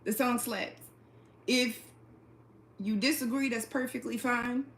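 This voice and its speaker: A woman hosting a casual livestream from her apartment, talking straight into a phone or webcam, blunt and profane, laughing quickly and reading the chat aloud. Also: on the high side, steady tone, slight background noise. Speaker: livestream host. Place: indoors at home, an apartment.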